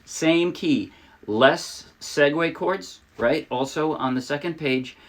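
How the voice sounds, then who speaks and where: Man teaching ukulele, chatty. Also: mid-range voice. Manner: chatty, self-deprecating, demonstrates while talking. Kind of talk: casual tutorial talk. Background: ukulele playing.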